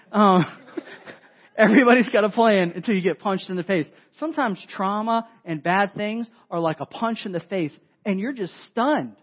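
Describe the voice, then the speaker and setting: A man preaching a sermon in a casual, conversational way, with sudden loud emphatic bursts. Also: on the high side, breathy edge, dull audio. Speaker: pastor.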